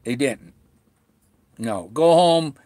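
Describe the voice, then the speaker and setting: A middle-aged man chatting on a home livestream, halting and full of restarts, talking with a sore mouth after tooth extractions. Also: medium pitch, animated, warm tone, no echo. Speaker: vlogger talking to live viewers. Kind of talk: rambling casual livestream chat. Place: at home, indoors.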